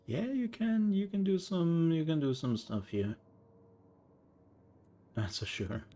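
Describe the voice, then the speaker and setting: A man's voice: fairly high pitch, very animated, takes it slowly, dark tone. A young man giving casual, playful let's-play commentary, rambling through jokey reactions as he plays. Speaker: gameplay streamer.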